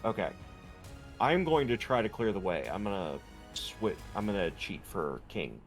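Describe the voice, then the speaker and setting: A man's voice: on the low side, sing-song, normal speed, faint music behind. A man playing a tabletop game, hesitant and thinking aloud about his moves. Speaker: player.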